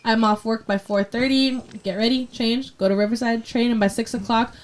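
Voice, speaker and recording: A young woman talking casually as a podcast guest. She tells stories with animation, jumping up into a high put-on teacher voice when quoting. Her speech is full of fillers. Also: moderate pace. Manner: animated storyteller, acts out kids and herself in a high teacher voice. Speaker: podcast guest, preschool teacher and MMA fighter.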